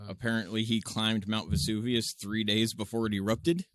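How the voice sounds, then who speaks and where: Low-voiced dude on a podcast, tells stories all hyped up, cusses a lot, dry mic. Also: male voice, normal speed, no room sound. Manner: animated storyteller, swears, laughs often. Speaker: podcast co-host. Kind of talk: casual chat.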